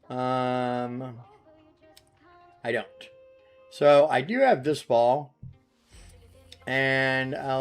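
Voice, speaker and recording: A man giving casual, relaxed commentary on his own gameplay, thinking aloud with plenty of ums and uhs. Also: medium pitch, creaky. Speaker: gaming streamer.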